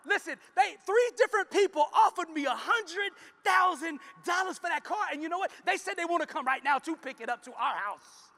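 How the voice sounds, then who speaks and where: Man doing trusting young daughter, high and bright, big-hall echo. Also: expressive, quick pace, few pauses, heavily acted. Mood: excited. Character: eager young daughter, trusting then thrilled.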